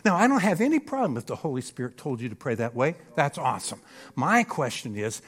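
Male preacher, lively sermon delivery, punchy rhetorical check-ins with a live congregation. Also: medium pitch, brisk, slightly rough. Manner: animated and emphatic, with frequent rhetorical "Hello?" checks. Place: church stage before a live audience.

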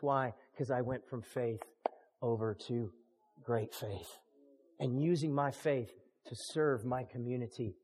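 A man preaching a sermon as a storyteller, animated, swinging from hushed lines to shouting. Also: medium pitch, unhurried, in a large hall. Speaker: pastor.

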